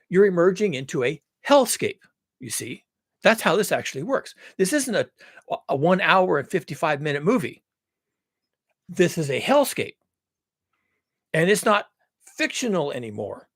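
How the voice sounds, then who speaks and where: Male creator, raised husky voice, profane doom-laden rant, dry close sound. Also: fairly high pitch, no room sound. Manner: dramatic, profane, paints grim scenarios. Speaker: video creator. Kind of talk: ranting monologue.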